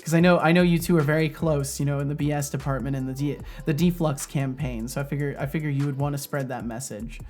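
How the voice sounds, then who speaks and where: A man's voice: on the high side, steady tone, fast talker, hardly any pauses, darkish tone, faint music behind. A man streaming as a game developer, chatting casually, rambling and laughing often as he reads chat aloud.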